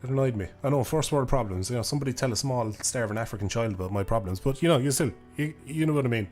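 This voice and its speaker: A man's voice: mid-range voice, racing, a little mellow, faint music behind. A young Irish man chatting casually on a live stream, rambling, laughing and swearing offhandedly into a desk microphone.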